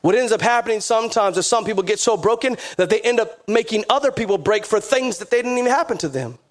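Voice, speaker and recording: High-voiced preaching man. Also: animated, quick pace. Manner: preachy, emphatic repetition. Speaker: pastor. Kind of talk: sermon.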